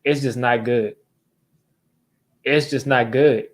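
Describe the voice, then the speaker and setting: A man's voice: mid-range voice, steady tone, slow. A young man hosting a sports fan channel, ranting in exasperation during a live football reaction, repeating himself as he vents.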